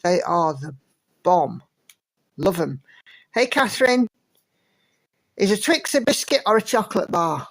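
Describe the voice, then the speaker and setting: A woman's voice: lowish voice, very animated, unhurried, pauses often, low-quality recording. An English woman hosting a livestream, chatting and reading out viewer comments with lots of fillers. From England. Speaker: livestream host.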